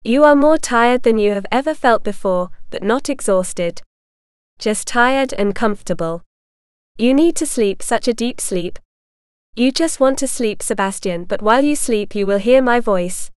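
A woman reading a story, voicing a confident female hypnotist doctor who speaks softly and slowly in a soothing way. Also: fairly high pitch, lively intonation, clear, resonant tone, no echo, clean studio sound. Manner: soft, slow, soothing repetition.

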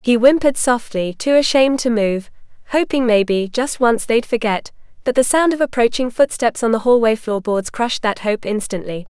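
A woman reads an audiobook in an even, measured storytelling manner. Her voice is smooth and clear, sitting a bit high. The recording is close and dry with no room sound. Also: no echo. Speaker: audiobook narrator. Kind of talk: scripted narration.

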